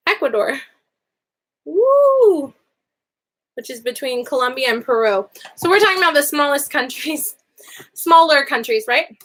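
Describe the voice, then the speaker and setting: A young woman teaching a language lesson in a lively, expressive way, laughing often and jumping up in pitch on example phrases. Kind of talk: animated lesson to camera.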